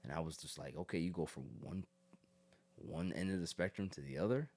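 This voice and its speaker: A man voicing a young college man who quietly confides about a girlfriend, speaking low and hushed. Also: fairly quick. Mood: confiding.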